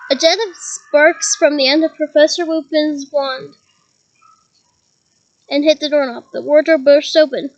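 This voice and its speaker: A woman reading a novel aloud in a lively way, with chuckles and side comments to listeners. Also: high-pitched, low-quality recording. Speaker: reader.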